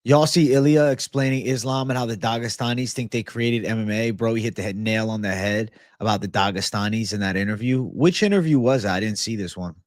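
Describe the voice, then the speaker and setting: A man's voice: lowish voice, brisk, few pauses, no room sound, studio quality. A man hosting a casual livestream and answering viewer comments in a blunt, laid-back, profane way. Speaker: livestream host.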